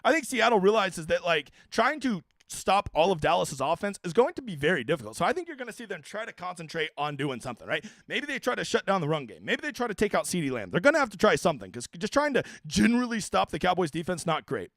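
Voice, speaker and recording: A man's voice: high voice, quick pace, few pauses, dry recording, studio quality. A young man hosting a live fantasy football stream, reading viewer questions aloud and answering casually with plenty of swearing. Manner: animated, swearing, reads chat questions aloud. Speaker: fantasy sports livestream host.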